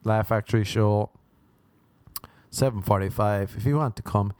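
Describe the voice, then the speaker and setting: A man's voice: on the low side, normal speed, long pauses, darkish tone, no echo. A young Irish man, a stand-up comedian, rambling self-mockingly through a casual podcast outro.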